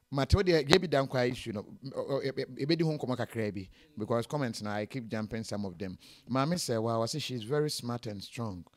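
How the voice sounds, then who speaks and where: A man's voice: medium pitch, lively intonation, fairly quick. A man with a Ghanaian accent, interviewing a guest in a casual, hesitant way with many fillers.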